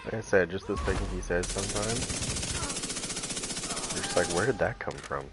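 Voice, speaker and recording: A man's voice: low voice, expressive, normal speed, heavy background noise. A man chatting casually as a gaming streamer, telling amused, rambling anecdotes. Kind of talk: casual storytelling chat.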